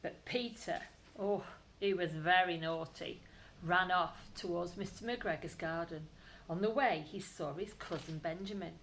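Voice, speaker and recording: A woman, a primary school teacher, reading a bedtime story aloud to children, expressive, with whispered asides. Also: on the low side, unhurried, slight background noise, poor audio.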